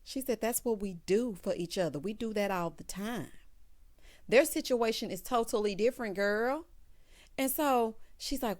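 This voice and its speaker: A woman's voice: a little high, moderate pace. A woman recapping a TV episode in casual chat, retelling scenes in a sassy way with asides like "girl" and "honey". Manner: chatty, quotes characters in lively retellings. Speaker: TV recap host.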